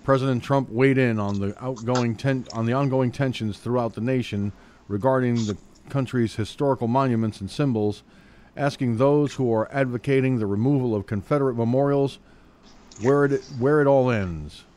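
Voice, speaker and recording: A man's voice: mid-range voice, moderate pace, a little mellow. Male news commentator, reads straight then goes off on angry profane rants.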